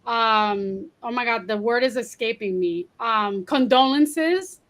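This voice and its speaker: A woman with a slightly high voice co-hosts a casual podcast chat. She speaks frankly and at length, now and then slipping in a Spanish word. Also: slow, a bit bright. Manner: frank, chatty, drops in Spanish words. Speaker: podcast co-host.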